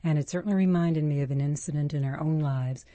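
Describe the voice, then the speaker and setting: A woman's voice: deep voice, fast talker, warm tone, dry recording. An older woman, a psychologist guest, answering interview questions in a thoughtful, anecdotal way.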